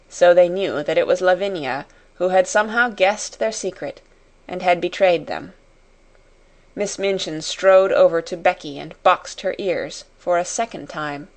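A woman reading a chapter of a novel aloud in a steady, measured storytelling manner. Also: lowish voice. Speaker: audiobook reader. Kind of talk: scripted narration.

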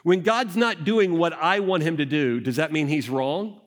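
A man preaching a conversational sermon, animated and full of rhetorical questions. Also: a little high, moderate pace.

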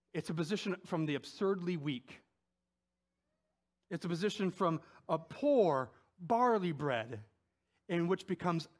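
High-voiced preacher swinging loud and soft. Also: male voice. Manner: dynamic, swings from loud emphatic peaks to soft low asides; conversational, with frequent rhetorical "right?". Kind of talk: sermon.

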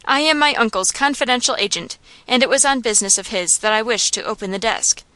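A proud young gentleman heir, haughty and curt, with an undercurrent of unease, as a woman reads him. The voice is fairly high and bright. It sounds dry and close. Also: fast talker, dry recording.

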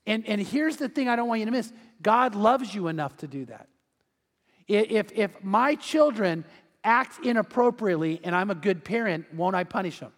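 A man's voice: high-pitched, expressive, normal speed. A middle-aged male pastor preaching a sermon in a conversational way, acting out quotes and family stories. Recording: long hall reverb.

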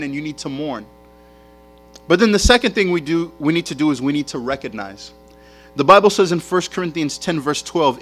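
A male pastor delivering a sermon, swinging into lively, slangy storytelling. His voice sits somewhat high for a man. Faint music plays underneath. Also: a little fast. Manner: animated storytelling with casual slang.

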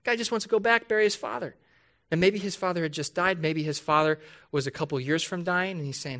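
A man preaching a sermon as a pastor, talking conversationally to his congregation, asking rhetorical questions and slowing down to drive key points home. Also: high-pitched, fairly bright tone. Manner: emphatic, slows down to stress key points.

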